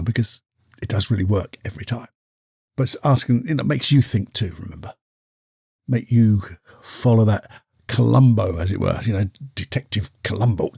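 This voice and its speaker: A man's voice: mid-range voice, animated, moderate pace, vocal fry, a little mellow, breathy edge, no echo, studio quality. A man hosting a casual solo talk. He chats freely, acts out the people he quotes and keeps asking rhetorical questions. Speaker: podcast host and coach.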